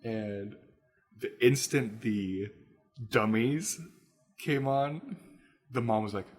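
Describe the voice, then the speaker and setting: A man co-hosting a casual podcast chat, telling stories with animated laughter. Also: lowish voice, slow. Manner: animated storyteller, laughs while telling anecdotes. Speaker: podcast co-host.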